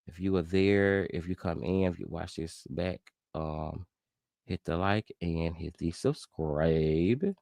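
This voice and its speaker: A man's voice: slow pace, vocal fry, dry recording. Profane, rambling middle-aged Memphis man. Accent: Memphis Southern. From Memphis, Tennessee. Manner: rambling, profane, with frequent self-interruptions and restarts; animated, with sudden high-pitched exclamations. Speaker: YouTube commentary host. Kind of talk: casual vlog commentary.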